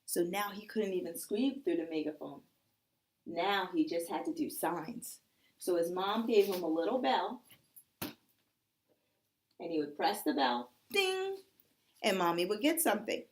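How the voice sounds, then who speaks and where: A woman's voice: on the low side, normal speed, a little mellow. A woman teacher telling young children a story that explains how clock hands work, checking in with them often.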